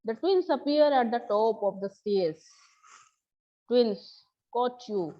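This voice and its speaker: A woman teacher with a fairly high voice walks a class through a story. She repeats and paraphrases each line as she explains it. The recording is slightly dull and lo-fi. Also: expressive, slow.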